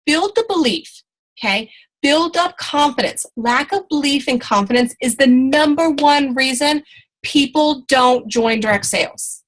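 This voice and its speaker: A woman in her thirties gives a motivational training talk to her team. Her voice sits a little high, and she stays chatty and encouraging, stumbling through restarts and fillers as she goes. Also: poor audio. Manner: chatty, encouraging, many fillers and restarts, acts out quoted people. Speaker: team leader giving training.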